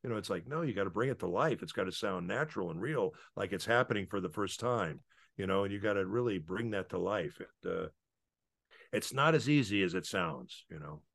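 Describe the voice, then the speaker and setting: A man, a voice actor, rambles through anecdotes in casual interview chat, with many filler pauses. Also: sits low, expressive, creaky, a bit bright. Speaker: voice actor guest.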